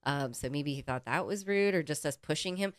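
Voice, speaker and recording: A woman with a low voice speaks close to the mic in a dry, deadened space. Her tone is smooth and clear. She tells a story in casual, animated chat, swearing freely. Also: a little fast, no room sound. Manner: animated, profane, acts out quoted people. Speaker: podcast co-host.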